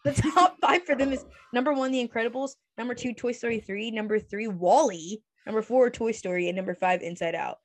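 A woman's voice: a little high, brisk, few pauses. A woman cohosting a podcast, chatting casually in a playful, giggly, self-mocking way. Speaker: podcast co-host. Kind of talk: casual chat.

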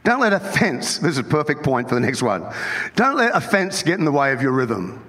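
A man with an Australian accent, the lead pastor, preaching an animated, joking sermon. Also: on the high side, a little fast. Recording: long hall reverb.

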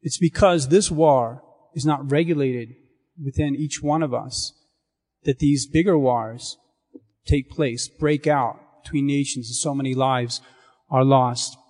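A man serving as a priest, reading scripture and preaching in a measured, solemn cadence in a church. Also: mid-range voice, steady tone, a little mellow. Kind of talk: liturgical reading and sermon. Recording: long reverb of a church.

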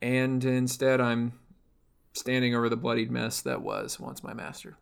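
A man voicing a grieving, vengeful companion robot with a husky Russian accent and stiff, formal speech. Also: mid-range voice, monotone, normal speed, close to an everyday voice. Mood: grim. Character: grieving male-voiced companion robot seeking revenge.

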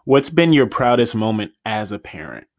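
A man's voice: lowish voice, big pitch swings, moderate pace, dry recording. A man hosting an interview, asking questions in a playful way and laughing along with his guest. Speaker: host. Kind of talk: conversational interview.

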